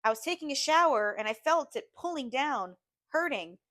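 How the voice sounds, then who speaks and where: A woman's voice: high voice, animated, normal speed, a bit bright, voice pushed up. A woman voicing a frightened young Southern wife, pleading and tearful. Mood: distraught pleading.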